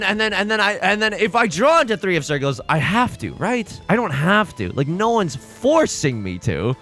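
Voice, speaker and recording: A young man giving casual, self-mocking commentary over a mahjong game, jokey and animated. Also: a little high. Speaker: mahjong streamer. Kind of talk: casual let's-play commentary.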